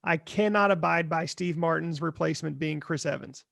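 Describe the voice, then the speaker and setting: A man's voice: fairly high pitch, moderate pace, creaky, fairly bright tone, dry recording, clean studio sound. A man co-hosting a podcast, chatting casually about films, hesitant with many ums. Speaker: podcast co-host. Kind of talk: casual movie chat.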